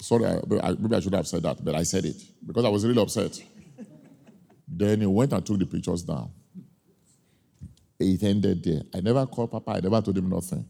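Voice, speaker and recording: A pastor preaches with a low, gravelly voice, leaning hard on his key points and slowing down to drive them home. His tone is dark and mellow. The sound rings with the long reverb of a church sanctuary. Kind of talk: sermon with personal storytelling.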